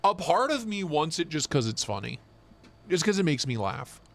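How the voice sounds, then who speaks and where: A young man co-hosting a live stream, chatting casually and swearing as he jokes and gets excited. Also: a little high, moderate pace, vocal fry. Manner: excited, profane, joking. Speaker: knife show co-host.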